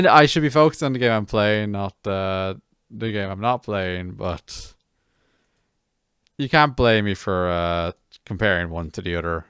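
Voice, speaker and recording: A male game streamer rambles casually to his viewers, mocking himself and restarting sentences often. His fairly low voice swings widely up and down. The sound is smooth and dry, close on a desk mic. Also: a bit bright, dry recording. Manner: rambling, self-mocking, talks in bursts with many restarts.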